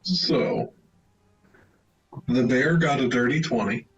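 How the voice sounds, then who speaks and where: A man's voice: mid-range voice, animated, takes it slowly, lo-fi sound, soft background music. A man playing a tabletop game, laid-back, reading out his rolls and spells. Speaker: player.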